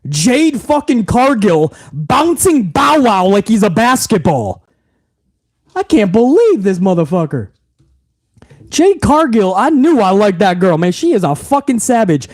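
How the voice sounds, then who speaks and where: A man's voice: sits high, big pitch swings, a little slow. A man who hosts a wrestling show, ranting casually with heavy swearing and sarcasm. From New York. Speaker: wrestling podcast host. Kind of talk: casual rant.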